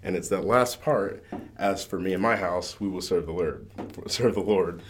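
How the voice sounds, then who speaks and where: A man co-hosting a podcast, reading scripture and then chatting about it in a relaxed way with fillers and laughs. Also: low voice, moderate pace, a little hiss or hum. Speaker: podcast co-host. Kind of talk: casual faith chat and scripture reading.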